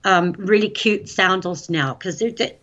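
Chatty, excitable woman on dull lo-fi audio. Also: mid-range voice, a little slow. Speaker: guest. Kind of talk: casual conversational interview.

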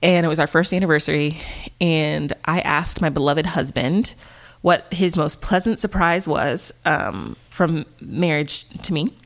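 Woman, low voice, podcast co-host, animated storyteller. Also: a little slow. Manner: animated storytelling, acts out quoted lines. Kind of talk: casual chat.

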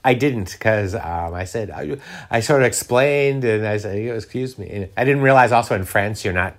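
A man's voice: lowish voice, moderate pace. A middle-aged man talking in a casual interview, rambling with restarts and fillers. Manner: rambling, many restarts and fillers, laughs often. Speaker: guest, food writer.

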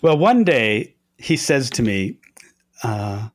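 A man, a guest on an interview podcast, telling lively anecdotes with many fillers and restarts. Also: medium pitch, slow pace. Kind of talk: storytelling in interview.

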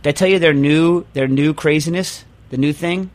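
A man's voice: on the high side, moderate pace. A man hosting a podcast in casual chat, ranting in an exasperated way and restarting his sentences often. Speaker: podcast host.

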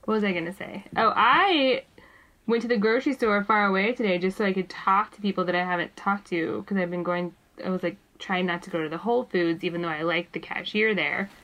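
Woman co-host, mid-pitched, chatty and rambling, easygoing podcast talk. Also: a little fast, a bit bright, poor audio. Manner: chatty and rambling, with many fillers and laughs. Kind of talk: casual chat.

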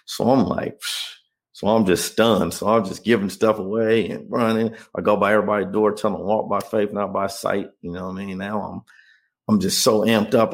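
A man's voice: lowish voice, fairly even intonation, normal speed, vocal fry. A man as an interview guest, earnestly telling a personal story and often checking that the listener follows. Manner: earnest, keeps asking "you know what I mean?".

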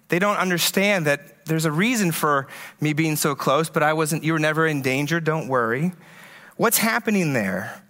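A man preaching a conference sermon, telling stories in a conversational, animated way with frequent restarts. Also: fairly high pitch. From USA. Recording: echoey hall with long reverb.

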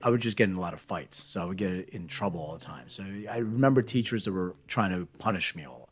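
A man's voice: low-pitched, animated, quick pace. A middle-aged man telling candid, rambling stories from his school days in a casual chat, swearing freely.

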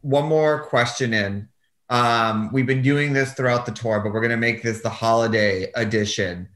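A man's voice: mid-range voice, steady tone, normal speed, fairly bright tone. A man hosting an interview over a video call, chatty and asking questions. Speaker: host. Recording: roomy echo.

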